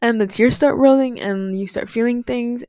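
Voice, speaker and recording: A woman whose first language is Spanish, chatting casually to her viewers in an animated way, with frequent laughs and fillers. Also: fairly high pitch, normal speed, dry recording, studio quality. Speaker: vlogger. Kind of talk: casual chat to camera.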